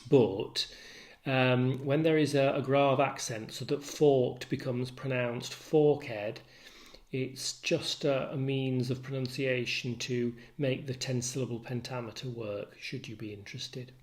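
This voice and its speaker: A man teaching literature, giving a deliberate, analytical explanation in a recorded lesson. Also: medium pitch, fairly even intonation. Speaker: literature tutor.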